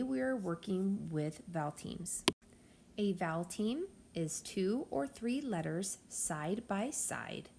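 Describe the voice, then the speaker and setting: Slow, careful woman teaching phonics. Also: lowish voice, darkish tone, a little hiss or hum. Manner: slow, careful, stretching out sounds. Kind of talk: phonics lesson for children.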